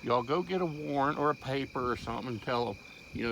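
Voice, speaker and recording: A rural Kentucky man with a gravelly voice argues bluntly in his yard at night. He drawls and talks over the officer, heated and fed up. A cell phone picks him up over loud crickets and insects. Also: mid-range voice, fast. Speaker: homeowner and father. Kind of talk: heated confrontation. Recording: noisy outdoor phone recording.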